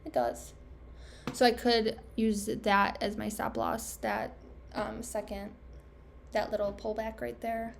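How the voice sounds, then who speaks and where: A woman's voice: on the high side, slow pace, gravelly, slight background noise. A young woman trader thinking aloud over her charts, self-critical and trailing off, losing her voice. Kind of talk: casual self-talk screen recording.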